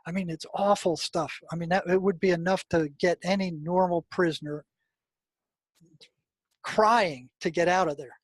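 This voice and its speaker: Brief: older male interview guest, slightly high voice, dry close sound, emphatic with lots of fillers. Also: steady tone, moderate pace, no echo. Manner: emphatic storyteller, many "I mean" and "you know" fillers. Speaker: guest, retired mental health practitioner. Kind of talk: storytelling interview talk.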